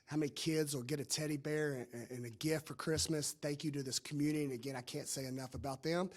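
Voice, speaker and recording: A man, a head coach, speaking at a postgame press conference with a hoarse, worn voice and an energetic, repetitive way of stressing his points. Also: on the high side, quick pace. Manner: energetic, repeats himself when emphasizing.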